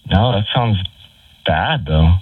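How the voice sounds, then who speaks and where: A man's voice: low-pitched, lively intonation, slow, breathy edge, no echo. A man answering a phone call, hesitant and evasive, heard over a tinny phone line. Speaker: call recipient.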